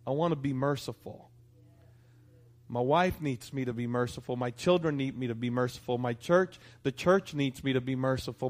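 A middle-aged man preaching a sermon as pastor, animated and asking the congregation for responses. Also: medium pitch.

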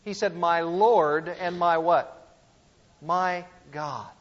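A man's voice: a little high, steady tone, takes it slowly, big-room sound, lo-fi sound. A man preaching a teaching sermon, emphatic, asking his listeners rhetorical questions. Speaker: pastor teaching a series.

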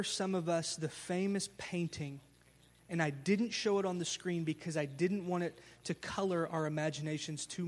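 High-voiced animated male pastor. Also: long reverb tail. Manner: animated storytelling, acting out scenes with casual slang. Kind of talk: sermon.

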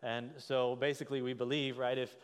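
A man's voice: medium pitch, flat delivery, fairly quick, clear, resonant tone. Man preaching in a reverberant hall. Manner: conversational, frequent "right?" tag questions. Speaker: pastor. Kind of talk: sermon.

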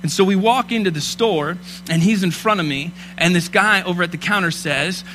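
A man in his thirties preaching a sermon, telling personal stories and rising from hushed asides to loud, fervent preaching. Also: high voice, moderate pace, noisy background. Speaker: pastor.

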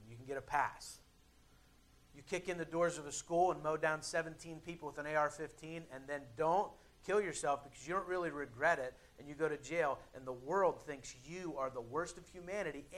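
A young adult male pastor preaching a sermon in a conversational way, with dramatic pauses and emphatic builds. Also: fairly high pitch, fairly bright tone.

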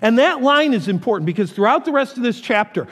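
A male pastor delivers a sermon in an animated storytelling style and acts out the characters' voices. His voice sits high and swings widely in pitch. The long reverb of a church hall carries every word. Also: fast.

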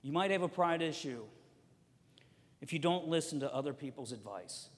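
A man preaching a sermon as a pastor, telling stories and swinging between loud emphatic lines and soft quiet ones. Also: fairly high pitch, lively intonation, moderate pace, in a large hall.

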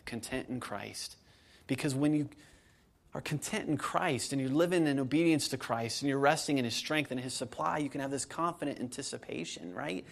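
Man preaching a lively sermon. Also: fairly high pitch, creaky. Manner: conversational preaching, builds to emphatic peaks. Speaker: pastor.

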